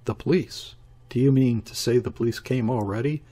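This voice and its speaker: A man reading the part of a nervous, easily shaken man in an audiobook, asking excited, anxious questions. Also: mid-range voice, normal speed, lightly acted.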